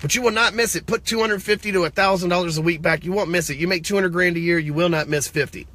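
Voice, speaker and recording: Brief: forceful male business coach, slightly high voice, blunt and profane, motivational rant. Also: fast. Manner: blunt and profane, talks straight to the viewer; asks rhetorical questions. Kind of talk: casual motivational rant to camera.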